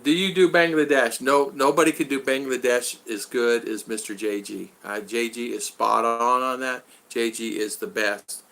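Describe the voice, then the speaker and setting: A man's voice: medium pitch, moderate pace, gravelly, few pauses, sharp tone. A man in his sixties casually chatting on a live stream from his home, reading viewer comments aloud and laughing often. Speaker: vlogger hosting a live stream. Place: home in the Philippines.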